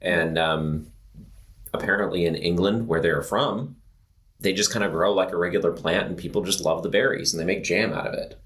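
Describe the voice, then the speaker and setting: Deep-voiced rambling podcast man. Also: normal speed, fairly bright tone. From Pacific Northwest of the US. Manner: rambling, filler-heavy, laughs easily. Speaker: podcast co-host. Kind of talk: casual health podcast chat.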